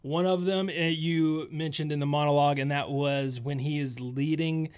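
Hesitant, higher-voiced male co-host. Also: steady tone, moderate pace, a little mellow, smooth. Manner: hesitant, full of fillers, enthusiastic. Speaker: radio co-host. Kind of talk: casual radio talk.

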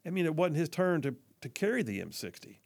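Gravelly, folksy male talk show host. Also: on the high side, big pitch swings, a little fast, no echo. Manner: folksy, earnest, addresses listeners directly. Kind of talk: storytelling monologue.

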